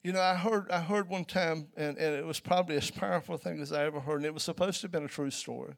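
Man, preacher, church sermon, slightly high voice, emphatic, storytelling. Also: fairly even intonation, quick pace, vocal fry. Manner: emphatic, storytelling, swelling to loud peaks.

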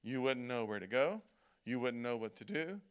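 A man delivering an evening sermon in a loose, conversational way. He keeps checking in with "okay?" and slows down to lean on quoted scripture. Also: medium pitch, animated, smooth. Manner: conversational preaching, frequent "okay?" check-ins, slows to stress quoted verses. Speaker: preacher. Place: church service.

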